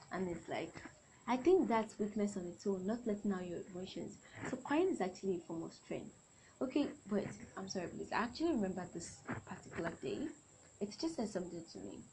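A woman's voice: medium pitch, warm tone, a little hiss or hum, rough recording. A young adult woman hosting a solo podcast, talking in a chatty, rambling way and often correcting herself. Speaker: podcast host.

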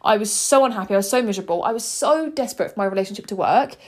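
A woman's voice: mid-range voice, lively intonation, very fast. A woman, a podcast host telling a personal story in a candid, heartfelt way with frequent ums.

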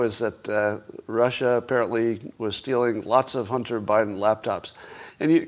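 A man hosting a solo commentary show, talking casually and wryly, posing rhetorical questions with chuckling asides. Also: medium pitch. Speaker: podcast host.

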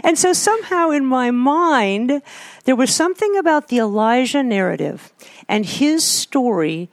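A middle-aged woman author, a guest who talks in a rambling, animated way with many restarts. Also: high voice, a little slow, no echo, clean studio sound. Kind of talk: conversational interview.

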